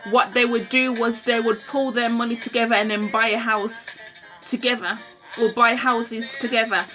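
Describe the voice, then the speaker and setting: A woman's voice: on the high side, fairly even intonation, moderate pace, bright, forceful tone, soft background music. A woman giving a frank, forthright vlog monologue. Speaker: vlogger. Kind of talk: opinionated talking-to-camera monologue.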